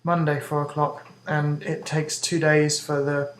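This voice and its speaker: In a casual vlog, a woman talks fast to camera about her health, hiccuping and stumbling through ums and restarts. Her low-sitting voice has a flat delivery, and the rough recording has slight background noise.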